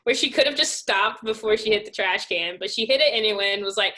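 A woman's voice: a little high, pushed and bright. A woman co-hosting a casual chat, retelling a movie's plot and quoting characters with a laugh. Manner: retells scenes with quick quoted voices and laughs. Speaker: podcast co-host.

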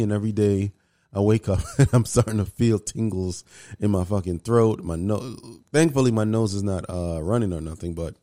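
Podcast host, man with a cold, hoarse and mellow, low, voice cracks, dry sound. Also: dry recording. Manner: voice cracks upward unpredictably; loose, joking, swears casually. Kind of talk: casual podcast chat.

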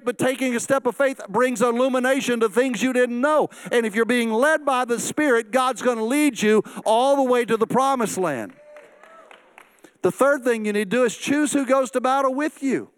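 A man's voice: very high voice, clean tone, dry recording. A middle-aged man preaching a sermon as pastor, acting out quoted voices and joking asides.

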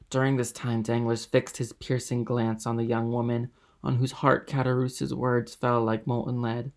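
An audiobook narrator, a man, reads a classic novel in a steady, even storytelling style. His scripted narration comes in a mid-range voice at a normal speed.

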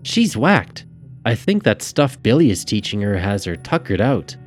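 A man's voice: lowish voice, big pitch swings, a little slow, pitched above the performer's own voice. A man voicing an eager, cheerful young girl, with faint music behind.

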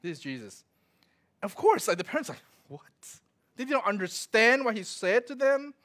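A man's voice: extremely high pitch, big pitch swings, fairly quick, a bit bright. A male pastor, preaching a sermon full of stories, laughing as he acts out quotes. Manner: storytelling with laughs and acted-out quotes.

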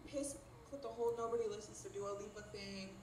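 A woman's voice: medium pitch, steady tone, quick pace, a little mellow, a little hiss or hum. Teasing, sarcastic woman on a call. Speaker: podcast co-host. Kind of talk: casual comedic chat. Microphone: video call.

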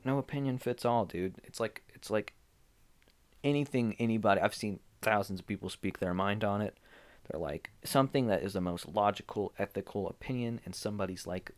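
A very low-voiced young man rambles through his own podcast, unscripted, drifting from topic to topic with plenty of fillers. He sounds groggy, like he just woke up, and is talking in a small room piled with blankets and pillows. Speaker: podcast host. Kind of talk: casual rambling solo podcast.

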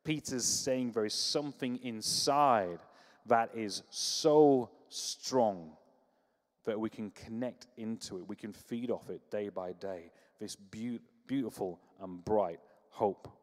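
A man preaching a sermon, telling stories with humor and lively energy. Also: lowish voice, slow pace, in a large hall. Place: church.

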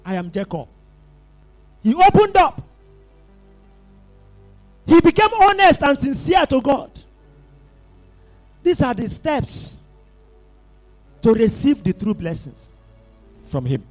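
A man's voice: very high voice, animated, slow, pauses often, a little mellow, soft background music. A man preaching a sermon, impassioned and rousing his congregation.

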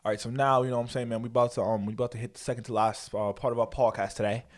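Fast-talking young podcast co-host. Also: male voice, mid-range voice, flat delivery. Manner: rapid, slangy hype-man banter. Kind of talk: casual podcast chat.

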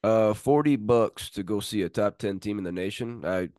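A male podcast host with a notably low voice, easygoing and friendly as he chats sports. The recording is dry, with no room sound. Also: moderate pace, darkish tone, dry recording. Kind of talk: casual sports podcast chat.

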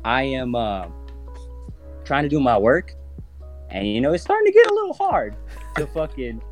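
A man in his twenties hosts a podcast and tells a story in a loose, profane way, slipping into voices for the people in it. His pitch swings widely and his voice sits in the middle register for a man. Faint music plays underneath. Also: normal speed. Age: 20s. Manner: profane, animated, acts out voices in his stories. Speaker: podcast host. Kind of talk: casual storytelling.

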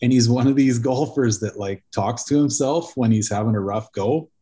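A man's voice: mid-range voice, normal speed, dark tone. A man, co-hosting a casual podcast and telling rambling, profane stories. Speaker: podcast co-host.

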